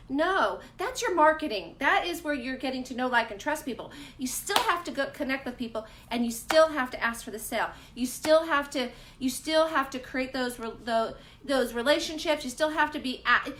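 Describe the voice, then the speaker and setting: A woman with a high, bright voice hosts a casual live coaching chat for women in business, speaking directly and emphatically to her viewers.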